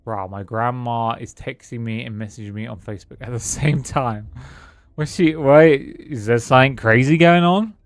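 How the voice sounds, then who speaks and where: A man's voice: mid-range voice, moderate pace, no echo. A man streaming a game, chatting casually and reading game lines aloud. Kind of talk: casual gameplay commentary.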